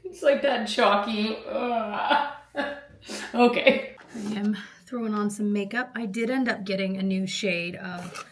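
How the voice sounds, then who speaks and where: A woman in her thirties chatting casually to camera as a vlogger, rambling with fillers and quick laughs. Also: mid-range voice, slight background noise. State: out of breath.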